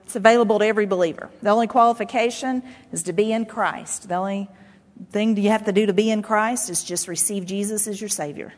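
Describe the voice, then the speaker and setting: A woman pastor preaching a sermon in a conversational, animated way. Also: mid-range voice, fast talker. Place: church sanctuary. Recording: long hall reverb.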